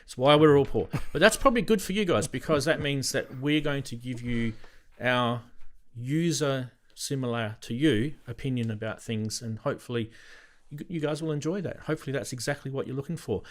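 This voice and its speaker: A man's voice: medium pitch, a little fast. A man hosting a casual podcast chat, upbeat and chatty, handing the turn to each guest. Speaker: podcast host.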